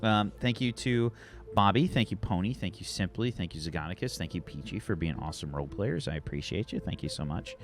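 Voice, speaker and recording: A man's voice: low-pitched, lively intonation, brisk, faint music behind. A man hosting a tabletop game livestream, rambling through thanks and plugs at the end of the show. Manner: rambling, grateful sign-off. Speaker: game master and host. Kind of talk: livestream outro.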